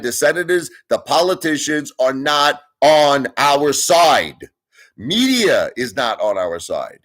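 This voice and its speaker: A man hosting his own channel, ranting at his viewers in a casual way, emphatic and argumentative, often asking "you understand?". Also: a little high. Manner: argumentative, speeds up and slows down for emphasis. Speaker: channel host. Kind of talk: casual opinion rant to viewers.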